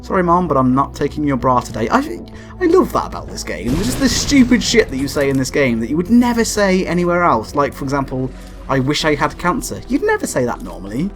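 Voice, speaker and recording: A young man giving let's play commentary, excitable, swearing and yelping at the game when frustrated. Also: fairly high pitch, fast, faint music behind. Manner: swears and laughs often. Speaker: gameplay commentator.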